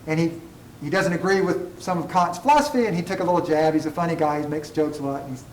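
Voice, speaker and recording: A man lectures on ethics to a classroom, wandering into tangents and making fun of himself along the way. His fairly high voice carries through an echoey room, picked up by a mic set well back. A faint hum of room noise sits underneath. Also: fast talker, far from the mic. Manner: digressive, self-deprecating humor. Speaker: college ethics instructor.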